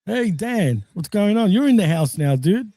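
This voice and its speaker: A man's voice: high voice, very animated, normal speed, dark tone, dry recording. A man hosting a casual live stream, telling a long rambling story full of swearing and laughter. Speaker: stream host.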